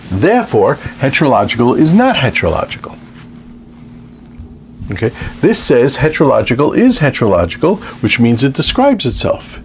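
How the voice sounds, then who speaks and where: A man lecturing on mathematics with a lively, up-and-down delivery and a gravelly edge to his voice. He keeps checking in with his listeners as he works through examples. A faint hiss sits under the recording. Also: mid-range voice. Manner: lively, repeats "okay" as a check-in. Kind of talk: math lecture.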